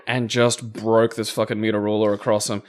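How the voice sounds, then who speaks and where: A man co-hosting a casual game commentary, often laughing and swearing as he banters and tells anecdotes. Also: lowish voice. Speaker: co-host playing the game.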